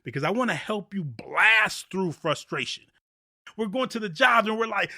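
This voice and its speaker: A man hosting a motivational faith talk podcast, talking in an animated, preachy way and repeating key phrases. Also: high voice, brisk, no echo, clean studio sound. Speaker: podcast host.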